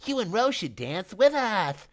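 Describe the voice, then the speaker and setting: A man's voice: sits high, big pitch swings, measured pace, pitched above the performer's own voice. A man voicing a flamboyant male fitness guru who shrieks and squeals with over-the-top cheer. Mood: excited shrieking.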